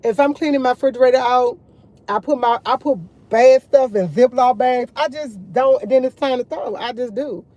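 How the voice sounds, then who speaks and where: A woman's voice: sits high, moderate pace, mellow. A woman chatting casually to her viewers over morning coffee, rambling and repeating herself as she tells stories. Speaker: vlogger.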